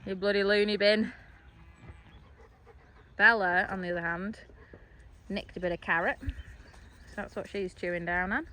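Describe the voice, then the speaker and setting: This young woman's casual vlog chat takes place in a big field with horses and dogs, filmed on a handheld phone, as she laughs in asides and talks to the animals. She has a fairly low, pushed, bright voice at normal speed and pauses often.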